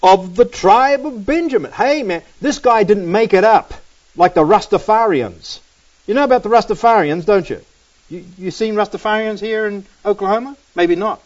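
A man's voice: sits high, normal speed. A man preaching a sermon, telling stories casually and often dropping "man" and "you know.". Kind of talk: sermon with storytelling. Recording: dull, distant recording.

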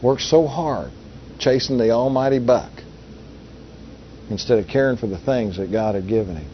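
A man's voice: mid-range voice, moderate pace. A man preaching a sermon in a folksy, conversational way, reading scripture and asking the audience rhetorical questions. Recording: dull lo-fi recording with faint hiss.

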